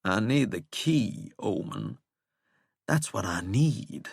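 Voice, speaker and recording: A man's voice: lowish voice, animated, takes it slowly, vocal fry, breathy edge, no room sound, clean studio sound, full character voice. Man voicing a taunting chained monster-man. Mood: bitter. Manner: sardonic, coaxing, folksy. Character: shackled cursed man, wry, taunting, coaxing.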